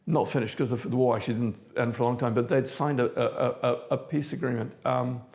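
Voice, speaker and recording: An older man from South Africa, an interviewee recounting his past in a measured, thoughtful way with frequent pauses. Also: medium pitch, steady tone, vocal fry, darkish tone. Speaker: interviewee, theatre director. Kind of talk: reflective personal recollection.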